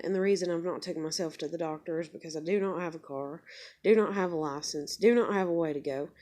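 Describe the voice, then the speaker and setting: Blunt, foul-mouthed woman venting. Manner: blunt, heavy swearing, venting; gets louder and higher when angry. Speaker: vlogger. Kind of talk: casual rant to camera.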